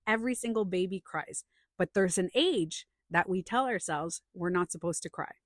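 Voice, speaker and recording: A woman's voice: lowish voice, normal speed, no room sound, clean studio sound. A woman talking casually about feelings, telling stories and acting out what people said. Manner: animated storytelling, acts out quotes. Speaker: podcast host. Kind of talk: casual opinion talk.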